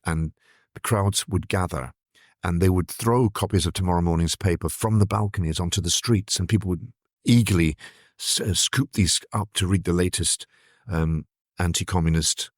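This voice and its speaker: Deep-voiced older man recalling events. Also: moderate pace, dry recording, studio quality. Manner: thoughtful, vivid recollection with hesitant restarts. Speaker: journalist guest. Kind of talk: reflective storytelling in an interview.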